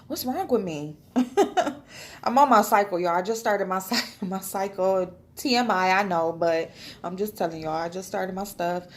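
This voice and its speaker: A woman's voice: mid-range voice, moderate pace. A woman, chatting casually to her camera at home, loose and emotional, swearing freely. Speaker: vlogger. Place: at home, indoors.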